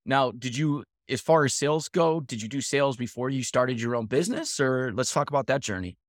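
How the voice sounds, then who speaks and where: A man's voice: medium pitch, a little fast, no room sound, studio quality. Encouraging male podcast host. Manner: encouraging, affirming, calls guest man. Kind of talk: casual interview chat.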